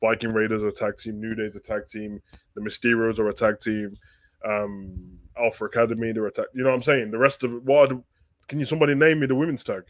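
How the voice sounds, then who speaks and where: A man hosting a live wrestling talk stream, reading viewer questions aloud and answering them in loose, slangy, animated chat. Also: lowish voice, brisk. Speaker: wrestling talk show host.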